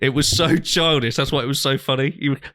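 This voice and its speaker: A man's voice: mid-range voice, fast talker, dry recording, clean studio sound. A man co-hosting a podcast, telling a rambling anecdote in casual chat, swearing and acting out his friends' lines. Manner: animated, swears freely, acts out friends' lines. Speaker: podcast co-host.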